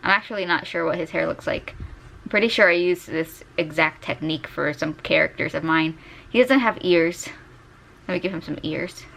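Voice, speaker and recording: A woman's voice: low-pitched, normal speed, vocal fry, fairly bright tone, slight background noise. A young woman vlogging casually while she draws, chatty and giggly, gushing over her favorite characters, recorded on a desk microphone. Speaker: art vlogger. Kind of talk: casual chat while drawing. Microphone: desk USB microphone.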